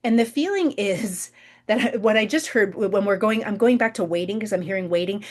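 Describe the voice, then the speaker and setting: A woman's voice: medium pitch, brisk. Hesitant woman giving a spiritual reading. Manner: searching, hesitant, many "like" fillers and restarts; giggles softly now and then. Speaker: intuitive reader, host. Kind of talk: spiritual energy reading to viewers.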